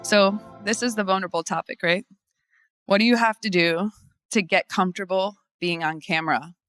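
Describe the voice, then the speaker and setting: A woman's voice: medium pitch, a bit bright, no room sound. Chatty laughing woman lawyer on a panel. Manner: candid, chatty, laughs often. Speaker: lawyer and firm owner. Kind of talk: conference panel talk.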